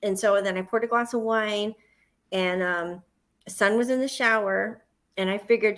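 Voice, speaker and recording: At a moderate pace, a Southern US woman with a mid-range, slightly bright voice hosts a livestream. She tells a long story from her own life, dramatizing her panic whenever she quotes herself.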